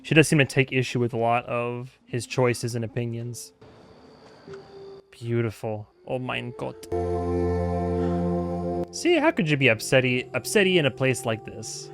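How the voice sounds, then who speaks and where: A man in a mid-pitched voice, rambling and chatty as he reacts to a show. He keeps cutting himself off mid-phrase and wandering into asides, with faint music behind him. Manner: rambling, self-interrupting, chatty. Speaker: reaction video host. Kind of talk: casual reaction commentary.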